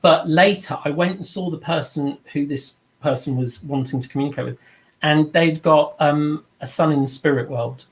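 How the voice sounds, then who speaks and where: A man's voice: fairly high pitch, moderate pace. A man teaching trance mediumship over a video call, conversational and repetitive, acting out quoted voices as he tells stories. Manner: conversational, repeats himself, acts out quoted voices. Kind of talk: teaching with personal anecdotes.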